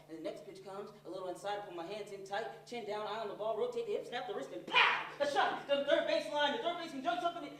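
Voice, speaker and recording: A man performing a one-man stage monologue, animated, swinging from hushed to shouting, recorded from far off on a stage. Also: very high voice, fast talker, few pauses. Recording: far-off echoey stage recording, faint noise.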